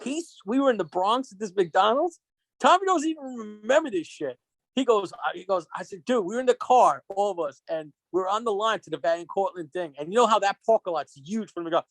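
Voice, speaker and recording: Rambling New co-host telling stories. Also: male voice, high-pitched, lively intonation, brisk, no room sound. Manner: rambling, profane storytelling. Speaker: guest co-host. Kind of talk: casual chat.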